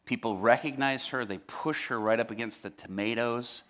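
A man preaching a sermon, telling its story with animated humor. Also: medium pitch, normal speed.

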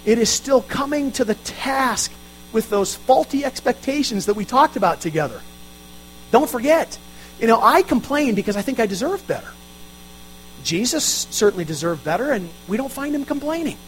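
A high-voiced man delivers a sermon from the pulpit. He is earnest and plain-spoken, leaning into emphasis and admitting his own shortcomings. A faint electrical hum sits under the recording. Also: animated, normal speed, low-quality recording. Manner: earnest, rising to emphatic, self-deprecating asides. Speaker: pastor.

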